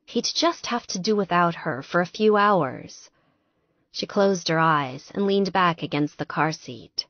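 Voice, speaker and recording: A woman narrating an audiobook in a lively, expressive storytelling manner. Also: on the low side, no room sound, dull audio.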